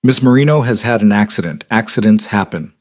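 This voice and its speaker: Male reader as a controlled, menacing crime boss; low, clipped, dry. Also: expressive, fairly quick, a little mellow, no room sound, close to an everyday voice. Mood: cool menace.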